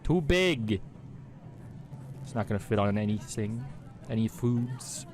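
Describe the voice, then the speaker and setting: Playful man with a lively, bouncing voice. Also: on the low side, slow pace, over music. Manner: joking, playful, exclamatory. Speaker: reaction video creator. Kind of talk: comic reaction commentary.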